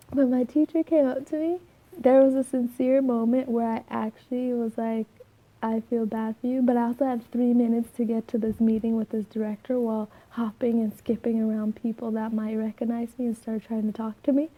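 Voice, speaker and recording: A soft-spoken young woman with a slightly scratchy voice, rambling through a casual vlog with many fillers and restarts. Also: fairly high pitch, lo-fi sound. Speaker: vlogger.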